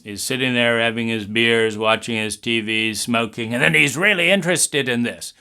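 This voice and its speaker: A bright-voiced man lecturing animatedly. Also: a little high. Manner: animated, acts out family scenes. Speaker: speaker on trauma. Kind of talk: lecture monologue.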